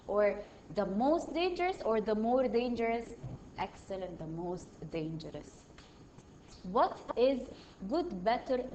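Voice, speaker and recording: A woman's voice: on the high side, slight background noise, poor audio. A woman teaching a primary school English lesson, patiently reading out exercises and praising each answer. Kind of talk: online grammar lesson.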